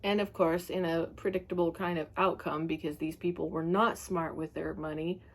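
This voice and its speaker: A woman's voice: fairly low pitch, steady tone, moderate pace. A woman giving a casual, ranting book review, talking in a chatty, sweary way and laughing often.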